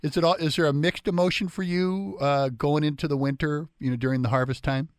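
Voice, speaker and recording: A man co-hosting a radio talk show, asking questions in a halting way with frequent restarts. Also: a little high, fairly even intonation, no echo, clean studio sound. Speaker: radio co-host.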